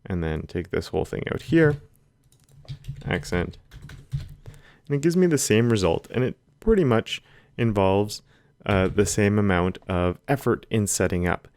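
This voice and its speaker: A man with a very low voice walks through a coding tutorial in an easy, conversational way, thinking aloud as he types. The sound is close and dry, with keyboard clicks underneath. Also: unhurried, pauses often, no room sound. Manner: relaxed, talks while typing code. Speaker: coding instructor. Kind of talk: screen-recorded coding tutorial. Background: keyboard typing.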